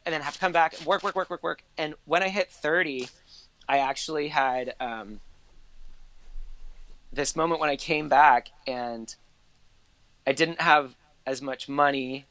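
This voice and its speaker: Male guest, 30s, casual storyteller, lots of "like", swears easily; bright, slightly high voice, dry close sound. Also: a little slow, long pauses, dry recording. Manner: chatty, heavy use of "like", swears casually. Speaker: interview guest, actor and former court reporter.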